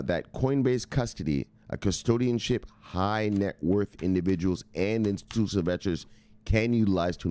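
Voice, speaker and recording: A man with a low, mellow voice hosts a crypto news channel and talks like he is a little drunk. He reads from articles, trips over words, then launches into profane, pushy rants. The sound is dry with no room echo. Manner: rambling, swearing, pushy, gets louder and more excited; reads from articles, stumbles and corrects himself. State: tipsy. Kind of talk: casual profane market commentary.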